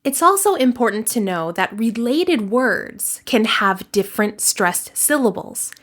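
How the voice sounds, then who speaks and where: A woman teaching an English lesson in a clear, deliberate scripted narration, slowing down to model example words. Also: on the high side, sing-song, a bit bright.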